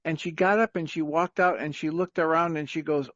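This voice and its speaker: A man's voice: a little high, steady tone, brisk, fairly bright tone, dry recording. A man casually telling a long story on a talk radio show, rambling with many fillers and chuckles. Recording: dry, dull lo-fi radio sound.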